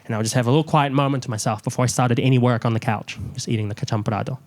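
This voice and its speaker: A young man performing a stand-up comedy set in a large theatre, telling stories in an animated way and acting out the people in them. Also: rapid-fire. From New Zealand. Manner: animated storytelling, acts out characters with rising pitch. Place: large theatre with live audience.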